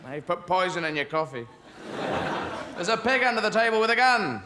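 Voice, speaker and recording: A man's voice: high-pitched, very animated, fairly quick. A man voicing a sullen, paranoid male mynah bird that speaks in a conspiratorial way. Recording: loud background noise.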